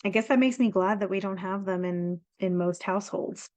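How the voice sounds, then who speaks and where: A woman's voice: medium pitch, fairly quick, darkish tone. Woman, podcast co-host, casual chat, thoughtful, empathetic. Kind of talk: casual movie discussion.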